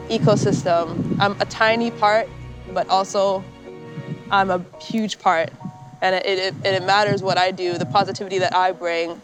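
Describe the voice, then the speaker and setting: A person speaking calmly and thoughtfully in a documentary interview about time spent in nature. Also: mid-range voice. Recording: music playing underneath.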